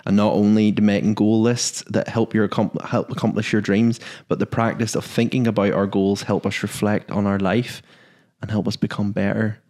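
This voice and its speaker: A man hosting a casual podcast chat, joking and chatty. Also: on the low side. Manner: lively, joking, quick asides. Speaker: podcast host.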